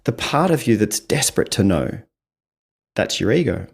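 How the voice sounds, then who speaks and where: A man's voice: fairly low pitch, big pitch swings, normal speed, vocal fry, breathy edge. A man from Australia, a communication coach, explaining ideas in steps on an interview podcast, acting out quoted voices and laughing often. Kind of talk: conversational interview.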